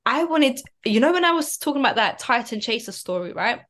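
A woman's voice: a little high, big pitch swings, a little fast, fairly bright tone. A woman guest on a podcast, telling stories in casual chat, full of "like" and "right?". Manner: chatty storyteller, lots of "like" and "right?".

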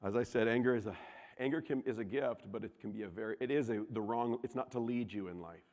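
Young male pastor, animated sermon delivery, loud bursts and hushed lines, ordinary pitch, long hall reverb. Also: fast talker.

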